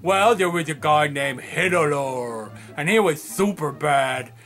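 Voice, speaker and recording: A man voicing a dim-witted, cheerful male puppet who speaks slowly and earnestly in a comedy sketch. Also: on the high side, a bit bright, faint music behind. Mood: naive. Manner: slow, naive and earnest.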